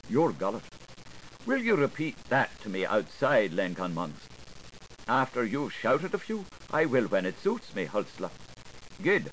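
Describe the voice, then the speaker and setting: A man's voice: lowish voice, wildly swooping pitch, measured pace, slight background noise, low-quality recording. A man giving a dramatic reading of dense literary prose, switching between voices and registers as he goes. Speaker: reader.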